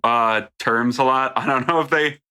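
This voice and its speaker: A man's voice: mid-range voice, normal speed, pushed and bright, clean tone. An American man co-hosting a casual podcast, making dry, wry jokes. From United States. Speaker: podcast co-host.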